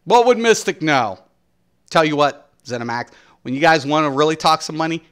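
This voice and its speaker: A man's voice: on the high side, big pitch swings, moderate pace, a bit bright, smooth. A man streaming and ranting commentary in a blunt, profane, swaggering way. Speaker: game streamer.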